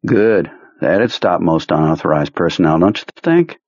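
A man reading aloud and voicing a sardonic, gruff male military commander who speaks in clipped lines. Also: low-pitched, animated, normal speed, a little mellow, dry recording, lo-fi sound, full character voice.

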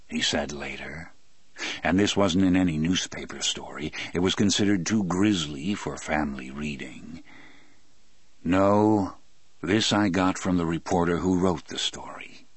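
Male audiobook narrator, very deep voice, slow and grave, dry close studio sound. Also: breathy edge, no echo. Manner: measured, grave, unhurried storytelling. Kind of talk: scripted first-person audiobook narration.

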